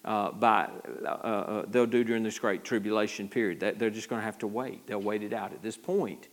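Man preaching in a stammering conversational way. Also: brisk. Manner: conversational teaching with frequent stammered restarts; animated, jumps high when acting out quotes. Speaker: pastor. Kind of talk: sermon.

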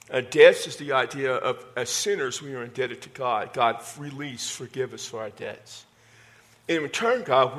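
A middle-aged pastor with a Texan accent preaches a conversational sermon full of self-deprecating humor. His voice is medium in pitch and a bit bright.

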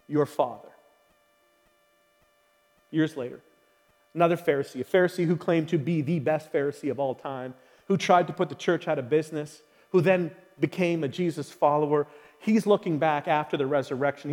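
A man's voice: high-pitched, darkish tone. A male pastor preaching a sermon in a large hall, emphatic, repeating key phrases and asking the audience questions. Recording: long hall reverb.

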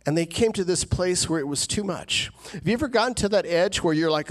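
Animated higher-voiced male preacher. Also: a little fast, few pauses. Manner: animated preaching, rising to emphatic peaks. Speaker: pastor. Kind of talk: sermon.

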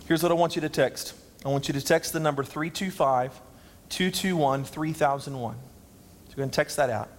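Man, pastor, sermon, conversational, self-deprecating, higher pitch, long reverb. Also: brisk.

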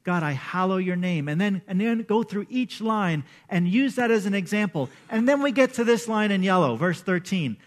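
A male pastor preaching a sermon in a conversational, animated way, acting out the people he quotes. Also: sits high, moderate pace, few pauses.

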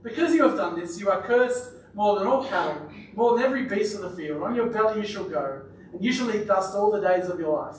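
A man's voice: sits high, animated, a little fast, slight background noise. A man preaching a chatty, joking sermon in church, drawing responses from the congregation. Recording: echoey church from far off.

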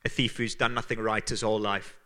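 A man with a Zimbabwean accent preaching a sermon as pastor, earnest and emphatic, dropping to hushed tones for weight. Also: fairly low pitch, level tone, brisk.

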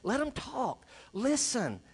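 A male pastor preaching a sermon, swinging between loud emphasis and quiet asides. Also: very high voice, huge pitch swings, slow, vocal fry, slightly rough.

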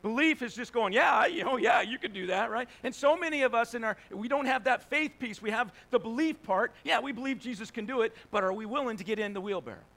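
A pastor delivers a sermon at a quick pace with few pauses, his voice notably high and fairly bright. He keeps it conversational, posing rhetorical questions to the congregation and briefly voicing the people in his stories.

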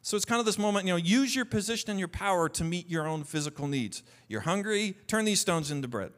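A man's voice: high-pitched, lively intonation, quick pace, hardly any pauses, fairly bright tone. Conversational man preaching a sermon. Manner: conversational preaching, reads scripture aloud with rising emphasis; repeats words and restarts often. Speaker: pastor.

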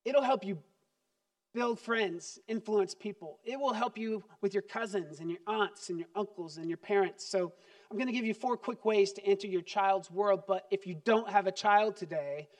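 A man preaching a sermon as pastor, animated and acting out little scenes. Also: sits high. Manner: animated, acts out parent and child voices.

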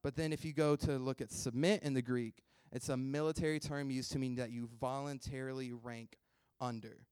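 A man's voice: mid-range voice, steady tone, normal speed, darkish tone, clear, resonant tone, no room sound. A man in his twenties giving a casual, self-deprecating sermon and chatting easily with his listeners. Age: 20s.

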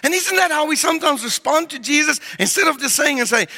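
Male pastor preaching; emphatic questions, bright voice, reverberant hall sound. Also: extremely high pitch, animated, fast talker, hardly any pauses. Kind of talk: sermon.

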